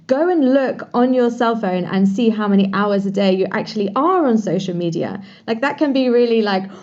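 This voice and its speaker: A woman guest on a casual podcast, talking with eager, flowing warmth. Her voice is mellow and dark, heard through slightly dull, lo-fi audio, and her speech runs on in long, filler-laden stretches. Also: fairly high pitch, expressive, moderate pace. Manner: enthusiastic, talks in long flowing runs with many "like"s. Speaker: podcast guest, pleasure coach.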